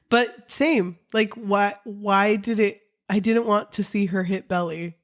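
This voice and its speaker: A woman's voice: mid-range voice, fairly even intonation, a little slow. Frank young woman chatting casually. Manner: candid, frank, swears, uses fillers. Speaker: podcast co-host. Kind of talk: casual chat.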